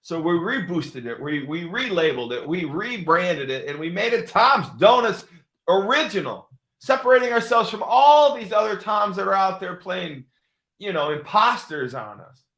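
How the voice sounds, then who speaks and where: A man in his sixties hosting a motivational talk, telling a story emphatically, with lots of repetition and loud excited bursts. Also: high voice, normal speed. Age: 60s. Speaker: show host. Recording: roomy echo.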